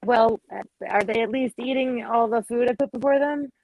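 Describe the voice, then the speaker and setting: A woman's voice: on the high side, moderate pace, darkish tone, low-quality recording. A woman player in a tabletop role-playing game, speaking in character in a motherly, fussing way.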